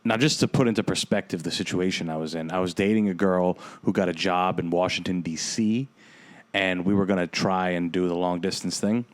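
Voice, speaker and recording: A man's voice: deep voice, fairly even intonation, brisk. A young man hosting a podcast, telling a rambling, profane story in casual chat with lots of fillers. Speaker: podcast host.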